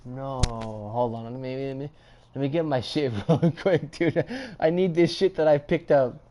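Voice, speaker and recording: A man's voice: medium pitch, steady tone, unhurried, mellow, a little hiss or hum, rough recording. A man streaming a game who tells a long, profane story in casual slang, repeating himself and getting worked up as he goes. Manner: repeats himself and builds up heat. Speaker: gaming streamer. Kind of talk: casual storytelling while playing.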